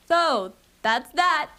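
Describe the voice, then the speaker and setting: A woman voicing a spirited teenage girl in an animated series, stuffy and sneezing with a cold, lively and frank. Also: sits high, full character voice.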